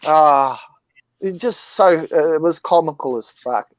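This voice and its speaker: A man's voice: on the high side, measured pace. A man rambling through a funny story in casual chat, swearing as he goes.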